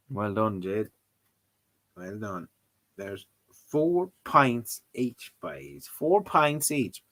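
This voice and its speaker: A man's voice: mid-range voice, a bit bright, no room sound. A young Irish man hosting a casual livestream, teasing his friends and repeating words in playful sing-song runs. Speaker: livestream host.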